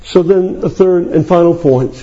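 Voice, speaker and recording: A male preacher delivering a sermon, emphatic and climbing into high declamation. His voice sits high but sounds mellow and warm. The recording is dull and lo-fi. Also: normal speed. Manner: emphatic, rising to high declamation on scripture lists.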